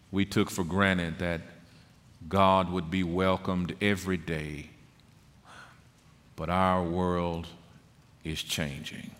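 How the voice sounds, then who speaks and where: A middle-aged man preaching a sermon as pastor, slow and emphatic, building to forceful peaks. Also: deep voice, long reverb tail. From Texas.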